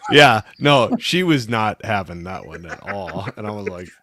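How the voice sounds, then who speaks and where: An easygoing man in casual podcast talk, chuckling often. His voice is bright and forceful, and his pitch moves around a lot. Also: lively intonation, moderate pace. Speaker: podcast co-host. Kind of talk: casual chat.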